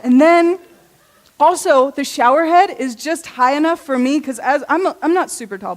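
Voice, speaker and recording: A young woman giving a personal testimony at a youth church service, chatty and self-deprecating, laughing often and saying "like" a lot. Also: high-pitched. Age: young adult. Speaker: junior high intern giving a talk.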